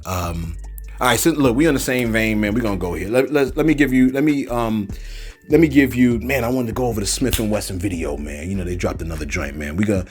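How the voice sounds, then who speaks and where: In a commentary video, a male host talks loosely and fast, repeating words and ending lines with "man." His voice is lowish, and faint music plays behind him.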